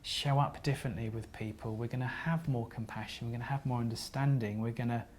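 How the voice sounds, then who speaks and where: A man giving a seminar talk, telling stories in an earnest, halting way with frequent restarts and gentle apologies. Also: medium pitch, steady tone, slight background noise. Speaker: seminar speaker.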